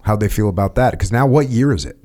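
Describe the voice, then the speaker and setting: A man's voice: fairly low pitch, expressive, quick pace, a little mellow. A man hosting a podcast, asking curious, plain-spoken questions with some mild slang. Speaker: podcast host. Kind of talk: casual interview questions.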